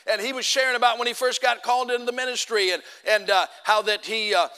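A man preaching, telling a story with lively quoted voices and loud outbursts. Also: very high voice, fast, clear, resonant tone, long reverb tail. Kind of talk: sermon storytelling.

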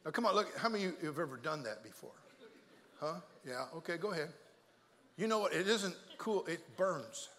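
A male pastor delivers a comic sermon, full of stories, repeated words and acted-out voices. His voice is high and bright with a cutting edge. Long church reverb trails every phrase. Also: brisk. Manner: energetic, jokey, repeats words and acts out voices. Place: church sanctuary.

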